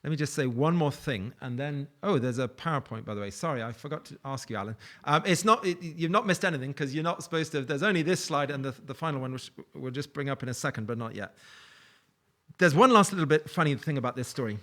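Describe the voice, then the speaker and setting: A man's voice: medium pitch, lively intonation, fast, sharp tone. A man preaching a sermon in a conversational, storytelling way, with light laughs. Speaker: pastor.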